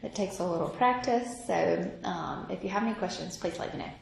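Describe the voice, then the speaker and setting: A woman teaching a math lesson, slow and patient, thinking out loud as she works through examples. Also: lowish voice, creaky. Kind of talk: recorded classroom lesson. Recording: echoey room with noise.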